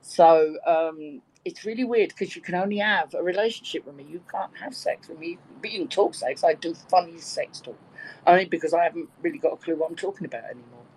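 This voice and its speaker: On a rough recording, a woman's lowish voice comes through brisk, slightly mellow and a bit breathy. She's in her sixties, from Birkenhead in England, with an English accent tinged by London. She chats casually in a live audio chat room, telling bawdy stories and laughing easily.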